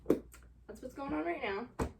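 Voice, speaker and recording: A woman's voice: high-pitched, expressive, takes it slowly, vocal fry, heavy background noise. A young woman chatting casually in a reading vlog. She talks in an exasperated, rambling way, full of fillers and dramatic sighs. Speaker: book vlogger.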